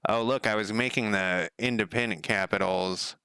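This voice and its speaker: A man's voice: lowish voice, moderate pace, gravelly, bright, forceful tone, smooth, no echo. A man giving rambling, profane casual commentary while coding on a live stream, laughing at himself. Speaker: game developer streaming his work.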